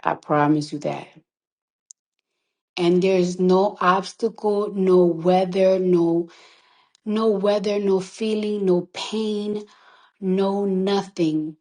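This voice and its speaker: Tearful and defiant, a female recording artist talks on a phone livestream in a mellow, mid-range voice with slow pacing and fairly even intonation. In this emotional monologue she swears freely, stays emphatic, and repeats lines to make them stick.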